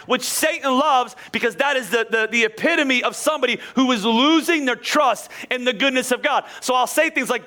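A man from Pennsylvania with a slight Pennsylvania accent, preaching a sermon in an energetic way, joking with the congregation and often repeating words. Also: extremely high pitch, moderate pace, hardly any pauses. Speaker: pastor.

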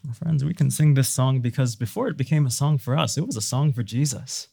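A man's voice: medium pitch, brisk, gravelly, few pauses, dark tone, slightly rough. Earnest male preacher delivering a sermon. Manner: earnest, rising to fervent emphasis on key phrases.

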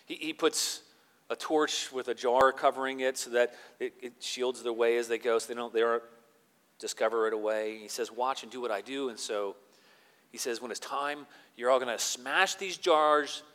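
A man preaching a sermon as pastor, moving between quiet, slow reflection and loud, emphatic scripture reading. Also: mid-range voice, little pitch movement, long reverb tail.

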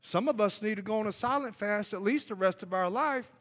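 High, fervent preacher in a reverberant hall. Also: male voice, fairly quick, a bit bright. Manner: fervent, emphatic, repetitive. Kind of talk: revival sermon. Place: church sanctuary.

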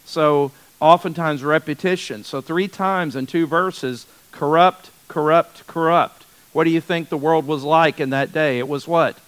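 A man's voice: a little high, moderate pace, hardly any pauses, clean tone, rough recording. A man teaching a Bible study in a conversational way, often repeating words for emphasis and restarting his sentences.

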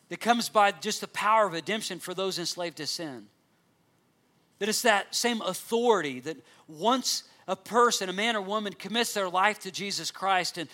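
A man's voice: sits high, bright, forceful tone. A man preaching a sermon in an earnest way, reading scripture aloud and explaining it to his congregation. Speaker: pastor.

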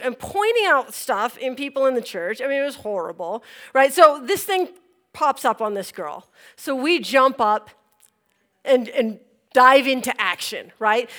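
A woman giving a testimony sermon as a church leader, telling her story in an animated way, acting out scenes and laughing between lines. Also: high-pitched, measured pace.

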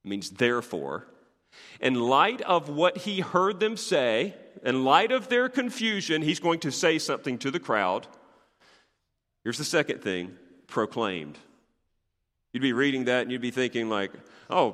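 A man's voice: a little high, sharp tone. A man preaching a sermon, voicing scripture quotes with dramatic emphasis. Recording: long hall reverb.

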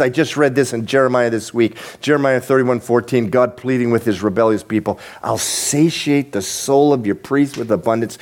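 A man preaching a sermon as pastor, conversational and animated, rising into emphatic peaks. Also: mid-range voice, moderate pace, hardly any pauses.

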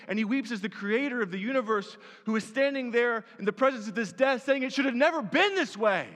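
A man with a notably high voice preaching an earnest sermon. His lines ring out in a long hall reverb, often climbing into emphatic repeated phrases. He sounds like a pastor addressing his congregation from the pulpit. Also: a bit bright. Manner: earnest, rising to emphatic repetition.

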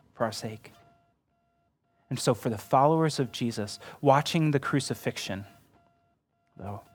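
A man preaching a sermon as pastor, earnest and conversational, often turning to the listeners with a quick "right?". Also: mid-range voice, slightly rough.

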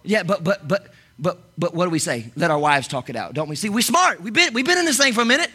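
A man preaching a lively sermon as pastor, talking in bursts with many repeated words and restarts. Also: high voice, quick pace, breathy edge.

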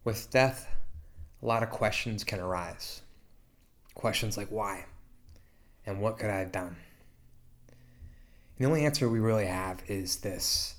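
Pastor, male, low voice; slow, tender memorial eulogy with long pauses.

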